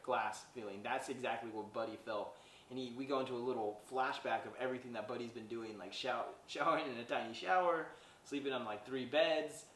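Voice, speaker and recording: Rambling through a movie recap, this male podcast host leans heavily on "he's like" and acts out the quotes as he retells scenes. His voice is mid-range and a bit bright. Slight background noise and a distant mic in an echoey room color the recording.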